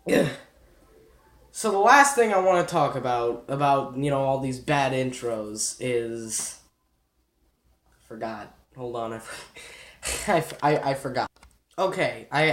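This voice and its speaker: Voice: medium pitch, a bit bright. A young YouTube commentator ranting in an exasperated, sarcastic and rambling way, often restarting sentences. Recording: echoey room.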